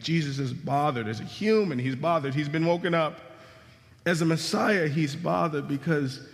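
A man preaching a sermon, his voice sitting a little high for a man and carried by the long reverb of a large hall. He presses his points with rhetorical questions and swells of emphasis. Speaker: pastor.

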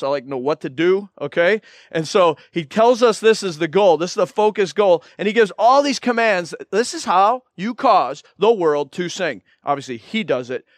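A man preaching a sermon, lively and animated, who acts out other people's voices in his stories. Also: high-pitched, no room sound, studio quality. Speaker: pastor.

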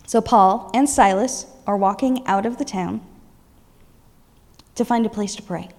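A woman preacher retelling a story in a lively sermon, voicing its characters along the way. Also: medium pitch, unhurried, long reverb tail.

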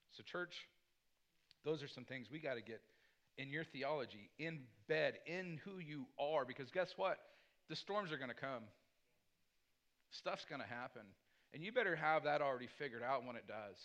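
A man's voice: medium pitch, animated, normal speed, fairly bright tone. A man preaching a conversational sermon as pastor, mixing personal stories with scripture and often asking "Amen?". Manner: punctuates points with "Amen?".

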